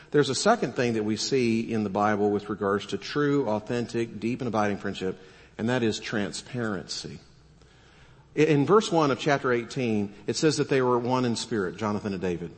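A man preaching a sermon, animated and full of rhetorical questions, now and then acting out quoted voices. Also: medium pitch. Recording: long hall reverb.

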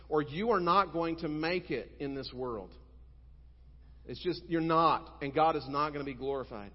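A male pastor preaching a sermon, telling stories emphatically and moving between loud and quiet. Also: a little high. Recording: dull sound with long hall reverb.

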